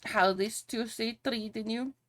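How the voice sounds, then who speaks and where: A woman's voice: on the high side, steady tone, a little slow, fairly bright tone, no echo. A woman streamer chatting casually while she draws on a live stream, swearing freely and singing along to songs now and then.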